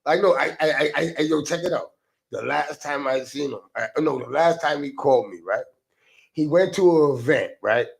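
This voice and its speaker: A man co-hosting a casual podcast livestream, telling stories loudly and mimicking other people's voices. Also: on the high side, moderate pace, vocal fry, husky. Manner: animated, loud storytelling with mimicked voices. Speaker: podcast co-host.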